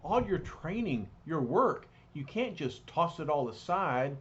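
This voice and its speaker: A man's voice: on the high side, big pitch swings, unhurried. A man voicing an earnest young male team leader who speaks in a concerned, reasoning way, on a slightly dull, lightly noisy recording.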